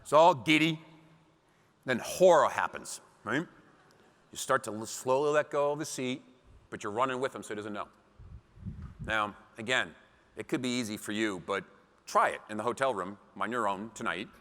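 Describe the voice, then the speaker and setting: A man giving a seminar talk to a live audience, telling animated stories with acted quotes. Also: mid-range voice, normal speed, pauses often. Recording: long hall reverb.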